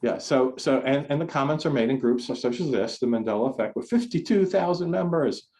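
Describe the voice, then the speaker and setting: A man with a warm, mid-range voice delivers a conversational talk for an online forum via video call. He moves at a brisk pace, often rambling and starting his sentences over.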